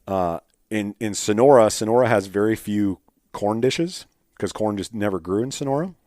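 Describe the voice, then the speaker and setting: Animated storytelling man, dry close mic. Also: on the low side, moderate pace, dry recording. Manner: animated, lots of fillers and restarts. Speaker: podcast guest, state game bird biologist. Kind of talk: casual storytelling in an interview.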